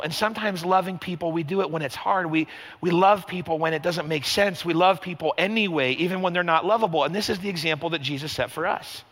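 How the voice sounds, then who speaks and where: Male pastor, sermon, casual animated delivery, bright tone, long hall reverb. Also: high voice, fairly quick. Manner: conversational, animated preaching with lots of fillers.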